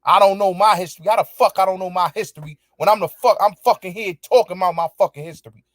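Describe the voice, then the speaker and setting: A man's voice: high-pitched, quick pace, no echo. Angry, profane man ranting. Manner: angry, profane, repetitive, emphatic. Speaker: show host. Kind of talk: heated commentary rant answering viewers.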